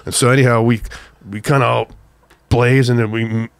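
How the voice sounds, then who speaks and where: An older man from Southern California, a guest telling an excited, profane story, acting out the shouts of the people in it. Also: mid-range voice, fairly quick, smooth, no echo. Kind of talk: animated storytelling on a podcast.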